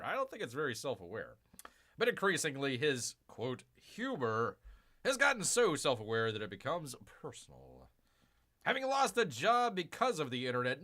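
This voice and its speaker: With a mid-range, pushed and bright voice that swings widely in pitch at normal speed, a man hosts a live stream. He reads news aloud, interrupts himself with mocking, sarcastic asides, and rambles through many fillers and restarts.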